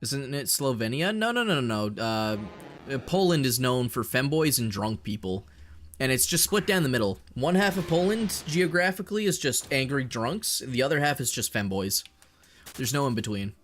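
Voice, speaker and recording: A young Canadian man streaming, chatting casually with his chat in a fairly monotone voice, swearing and joking as he rambles. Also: medium pitch, normal speed, slight background noise. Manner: rambling, profane, jokey, reads and answers chat.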